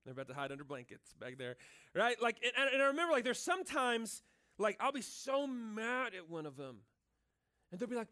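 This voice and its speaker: A pastor preaching in a church, talking in a casual, earnest way, full of "like" and "right?". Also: male voice, high voice, sing-song, fast, sharp tone. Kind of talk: conversational sermon.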